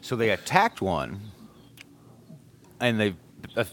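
A man's voice: lowish voice, huge pitch swings, slow, fairly bright tone, slight background noise. Podcast host guy, rambly and giggly, voice jumps around a lot. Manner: rambling, laughs often. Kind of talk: casual chat.

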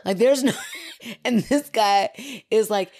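A woman from Kentucky telling a story in casual podcast chat, animated and often laughing as she talks. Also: on the high side, slow, no room sound, clean studio sound.

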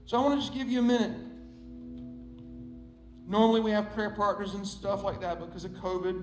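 Casting: male pastor, very high voice, lively delivery, roomy church echo. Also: soft background music. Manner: fast, animated storyteller, dropping to soft prayer. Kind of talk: sermon.

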